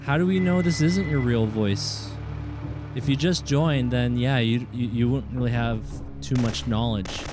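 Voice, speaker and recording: A man with a medium-pitched voice and a British Columbian Canadian accent streams a game at a measured pace, chatting casually and thanking viewers by name. He's friendly and often restarts his words, with game music and gunfire in the background.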